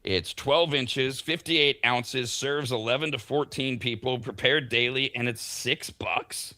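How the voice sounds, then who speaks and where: A man's voice: mid-range voice, measured pace, sharp tone, no echo, clean studio sound. A man hosting a morning talk show, chatting and joking while reading out food news. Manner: chatty, jokey, reads product news aloud. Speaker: parent. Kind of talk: casual morning radio banter.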